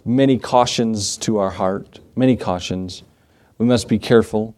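A man's voice: lowish voice, a little slow, a little mellow. A male pastor delivering an evening sermon to a small congregation. His voice climbs and presses forward whenever he acts out a pleading prayer, then settles back into plain teaching as he reads the verses aloud. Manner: impassioned preaching, rising for quoted prayers. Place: small church.

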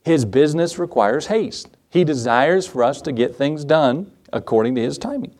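A man's voice: fairly high pitch, expressive, moderate pace, darkish tone. A male pastor preaching in church in a conversational way, quizzing the congregation and cracking jokes. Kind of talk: sermon.

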